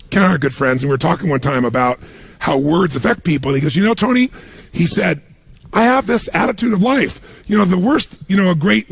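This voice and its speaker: Raspy high-ish guy doing a motivational talk, acts out the people in his stories, dry close sound. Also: no room sound. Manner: storytelling, acts out quoted voices. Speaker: motivational speaker.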